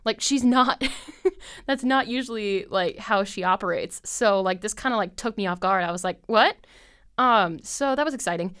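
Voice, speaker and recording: Smooth-voiced young woman rambling casually. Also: medium pitch, normal speed, a bit bright. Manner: chatty and scattered, heavy with fillers and frequent laughs. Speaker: podcast host.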